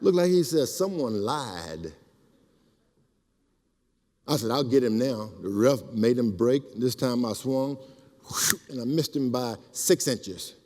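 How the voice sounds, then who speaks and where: An older man telling animated stories at a speaking event, acting out the voices in his quotes. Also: mid-range voice, normal speed. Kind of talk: storytelling speech. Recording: reverberant hall.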